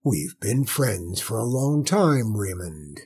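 A man voicing a proud, wry male reptilian alien leader in a low, mocking manner for a storybook reading. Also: big pitch swings, unhurried, darkish tone, breathy edge, exaggerated voice. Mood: regretful.

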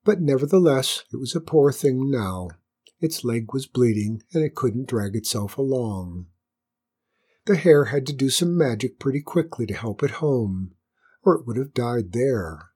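A woman narrating a children's story with gentle, wry asides. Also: very deep voice, expressive, measured pace, breathy edge.

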